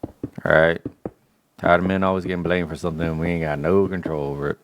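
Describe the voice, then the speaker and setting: A man's voice: low voice, fairly even intonation, fairly quick, a little hiss or hum. A man livestreaming a game, chatting casually in a slangy, joking rant. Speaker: gaming livestreamer. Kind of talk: casual chat while gaming.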